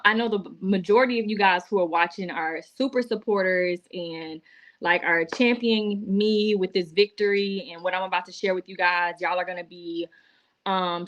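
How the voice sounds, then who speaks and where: A woman's voice: on the low side, muffled recording. Woman, teary live-stream testimony to her viewers, casual and emotional. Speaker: vlogger going live. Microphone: laptop or phone.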